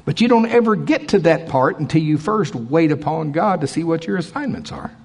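A man preaching a sermon in church, swinging between loud emphatic lines and quiet asides. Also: a little high, big pitch swings, a little fast, husky.

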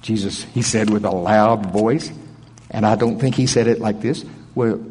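Man, preacher, animated sermon, slightly husky, echoey hall. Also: lowish voice, moderate pace. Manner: animated, swings from loud to soft. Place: church service.

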